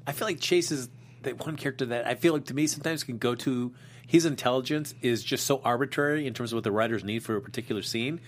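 A man co-hosting a casual chat show, relaxed and conversational. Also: mid-range voice, fast. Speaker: co-host. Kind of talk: casual chat reviewing a soap opera.

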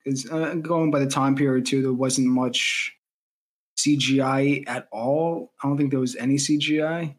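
A man's voice: mid-range voice, steady tone, unhurried. A man co-hosting a casual podcast chat, easygoing and joking. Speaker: podcast co-host.

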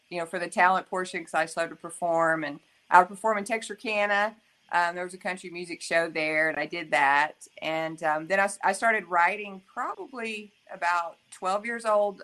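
Bright-voiced singer, chatty. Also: female voice, on the low side. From Arkansas, USA. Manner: friendly, chatty, laughs easily. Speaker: guest singer. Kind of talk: interview answers.

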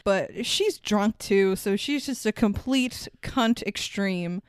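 Podcast co-host, female, animated and profane, crisp dry sound. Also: mid-range voice, slow pace, no room sound. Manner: animated, profane, laughs often. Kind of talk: casual movie review chat.

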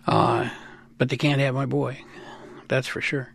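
Gravelly American man in his sixties. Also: medium pitch, measured pace, no echo. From United States. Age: 60s. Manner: rambling, animated, laughs often. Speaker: musician guest. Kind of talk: casual interview talk.

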